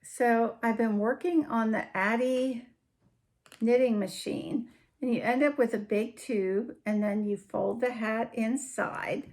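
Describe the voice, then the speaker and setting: A woman with a slightly high voice hosts a homely crafting show-and-tell. She talks very slowly and chattily, often trailing off mid-sentence and then picking the thought back up. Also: fairly even intonation, darkish tone. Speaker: podcast host.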